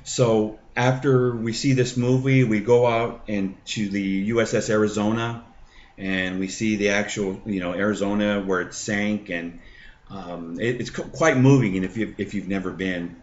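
A middle-aged man hosting a faith podcast, telling a personal testimony in a halting way full of fillers and restarts. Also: on the low side, steady tone, lo-fi sound, slight background noise. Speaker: podcast host.

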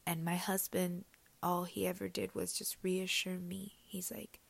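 A woman with a low, gravelly voice tells her faith testimony in a soft, confiding way. She moves between Spanish and English mid-sentence, and her voice often drops to a near whisper. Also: little pitch movement, a little slow. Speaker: church member sharing her testimony.

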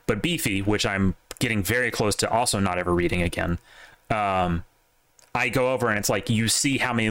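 A man's voice: on the low side, a bit bright, no echo. A man co-hosting a casual stream, talking bluntly and profanely, often restarting his sentences. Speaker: podcast co-host.

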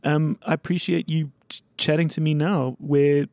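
A man's voice: on the high side, flat delivery, moderate pace, a little mellow, dry recording, clean studio sound. A male interview host who asks questions and keeps the guest going with short words of encouragement. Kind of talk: casual interview.

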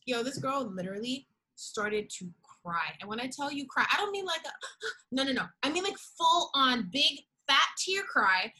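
A young adult woman telling a story in casual chat, expressive and acting out the quoted exchanges. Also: high voice, normal speed, hardly any pauses, poor audio. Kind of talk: animated storytelling.

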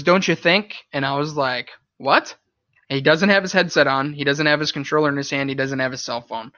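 A young man with a bright, forceful voice sitting just a little high, recounting a spooky memory in easy chat. He laughs often and swears offhand. The sound is dry and a bit dull, like a cheap podcast mic. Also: dry recording. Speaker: podcast host. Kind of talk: casual storytelling chat.

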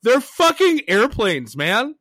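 A man's voice: very high voice, very animated, slow pace, a bit bright, dry recording, studio quality. A man from Canada co-hosting a podcast, telling a travel story in a profane, ranting way. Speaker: podcast co-host. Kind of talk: casual chat.

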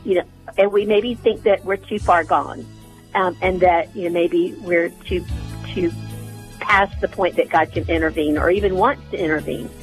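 Woman radio guest, earnest and hesitant, soft music faintly behind. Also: on the low side, fairly even intonation, moderate pace, poor audio. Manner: earnest, hesitant, many fillers and restarts. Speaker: author and guest. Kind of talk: radio interview.

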